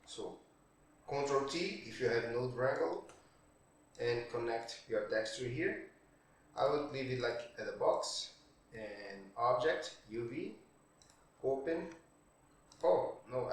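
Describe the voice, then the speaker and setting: A 3D art tutorial creator, a man who speaks with a Portuguese first-language accent, thinks aloud through a screen-recorded software tutorial, checking in with tag questions. His voice is on the low side, captured by a distant mic in a very echoey room.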